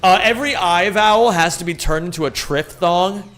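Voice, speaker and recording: A man's voice: high voice, normal speed, fairly bright tone. A man streaming a speedrun, chatting loosely with his viewers, greeting them by name and rambling between thoughts. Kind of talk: live-stream chat while speedrunning.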